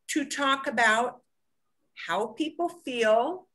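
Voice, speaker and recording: Bright, lively woman teaching Spanish. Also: medium pitch. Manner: checks in with "okay?" often, slows to stress words. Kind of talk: beginner language lesson.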